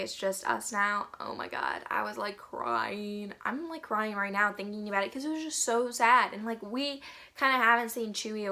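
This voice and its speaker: A woman's voice: mid-range voice, bright, forceful tone. A young woman talking casually to her viewers in a vlog, chatty and full of fillers, reviewing a book. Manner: chatty, many fillers like "like" and "kinda". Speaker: vlogger reviewing a novel.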